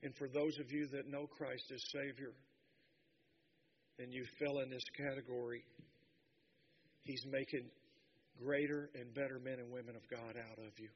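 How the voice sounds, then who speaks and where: A man preaching a sermon with passion, dropping to a hush and then building to shouts. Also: medium pitch, fairly even intonation, normal speed, pauses often, highs cut off, slight background noise. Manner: impassioned, swinging from hushed to shouting.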